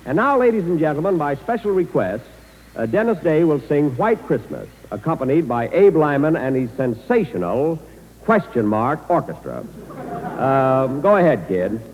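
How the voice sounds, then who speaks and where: A man's voice: on the high side, very animated, normal speed, highs cut off, a little hiss or hum. A man hosting a 1940s radio comedy, hesitant and exasperated, full of "uh"s, heard on an old broadcast from a hall. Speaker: comedian host. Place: live show before troops in a hall.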